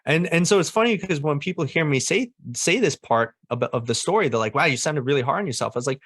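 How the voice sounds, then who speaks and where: A man's voice: on the high side, fast, dry recording, studio quality. Earnest man telling his story. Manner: earnest, animated storyteller who laughs often. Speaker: podcast guest. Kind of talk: personal storytelling in interview.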